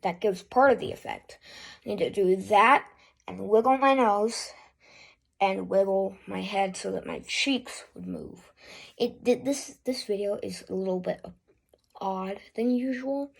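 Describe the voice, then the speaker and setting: A woman hosting a casual spoken tutorial, talking haltingly with fillers and restarts. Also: medium pitch, vocal fry. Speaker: YouTube voice tutorial host.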